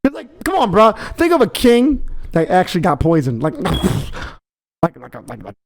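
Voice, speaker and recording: Podcast co-host, man, high voice, rambling, jokey, trips over words. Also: huge pitch swings, moderate pace, gravelly. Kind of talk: casual chat.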